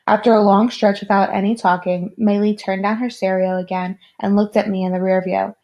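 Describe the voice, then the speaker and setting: Woman reader, mid-range voice, steady first-person narration of a novel. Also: medium pitch, fairly quick, highs cut off. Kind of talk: reading a novel aloud.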